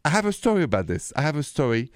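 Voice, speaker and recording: A man's voice: fairly high pitch, very animated, rapid-fire, no echo, studio quality. A man, hosting a late-night radio call-in show and confiding about his own dating life. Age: 50s. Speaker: radio host.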